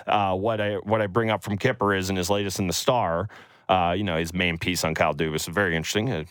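Man, sports radio host, lowish voice, dry studio sound, playful banter. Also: fairly even intonation, fast, fairly bright tone, clear, resonant tone, no echo. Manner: playful, breaks into mocking high voices for imagined quotes. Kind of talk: animated sports radio chat. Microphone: studio microphone.

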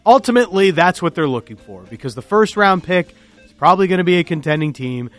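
A man co-hosting a casual podcast chat, giving opinions in a measured way with some restarts. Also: high-pitched, lively intonation, soft background music. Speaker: podcast co-host, hockey analyst.

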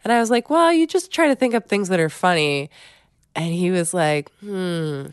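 A woman in her thirties with a somewhat low voice, chatting casually as a podcast co-host. She laughs often and fills her talk with "like" and "so." The recording is dry and close. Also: sing-song, normal speed, smooth, no echo. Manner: laughs often, talks with fillers. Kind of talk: casual chat.

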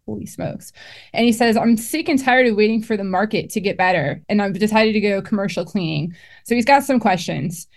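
Female co-host, mid pitch, light and upbeat, reads listener questions. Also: fairly quick, creaky. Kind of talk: casual podcast chat.

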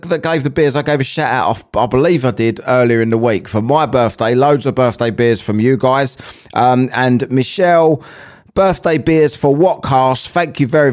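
A man hosting his own podcast, talking casually and swearing as he wanders between asides. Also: medium pitch. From England. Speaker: podcast host. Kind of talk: casual solo podcast chat.

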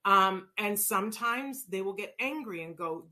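This middle-aged woman, a parent educator on autism, talks unhurriedly in a mid-range voice, with a little hiss or hum in the recording. She tells casual, animated stories about play and autistic children, doing voices as she goes.

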